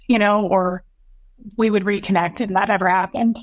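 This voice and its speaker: A woman speaks as an interview guest, telling a painful story at length. Her talk is halting and emotional, with restarts. Her voice sits at a medium pitch and the sound is close and dry. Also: fairly even intonation, no echo. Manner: emotional, long-winded, halting recounting.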